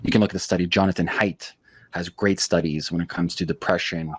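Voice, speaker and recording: A man hosting a podcast, telling blunt, profane stories in a fast, hyperactive way. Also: fairly even intonation, husky. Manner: blunt, profane, high-energy storytelling; self-described hyperactive. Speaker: podcast host. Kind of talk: casual interview chat.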